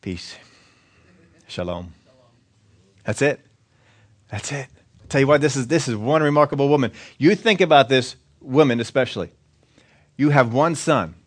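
Pastor, male, animated sermon delivery, acts out quotes in shifting voices. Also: mid-range voice, moderate pace, long pauses. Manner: animated preaching, acting out quotes in changing voices.

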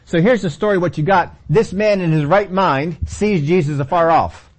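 A man's voice: high voice, normal speed. Man teaching a Bible study sermon. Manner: conversational teaching, repeats key phrases.

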